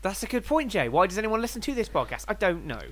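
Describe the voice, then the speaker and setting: A man's voice: high voice, sing-song, fast, over a noisy crowd. A young British man co-hosting a comedy podcast, joking, swearing and laughing often. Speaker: podcast co-host. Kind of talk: casual comedic podcast banter.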